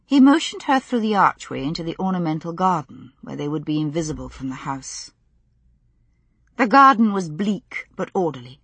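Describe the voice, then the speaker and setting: A woman narrating a novel as an audiobook, in a measured storytelling manner. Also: fairly low pitch, very animated, fairly bright tone, husky, no room sound. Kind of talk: scripted narration.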